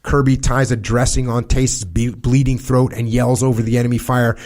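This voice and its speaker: A man reads a battlefield account aloud, steady and grave, at a middle pitch. He keeps the pace measured and sometimes trips and restarts a word. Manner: measured, grave reading with small slips and restarts. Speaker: podcast host. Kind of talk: reading a war account aloud.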